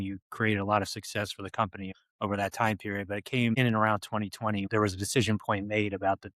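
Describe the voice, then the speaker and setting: A man's voice: lowish voice, fairly bright tone, no room sound. A man hosting a podcast, setting up long interview questions that end by inviting the guest to talk. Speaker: podcast host.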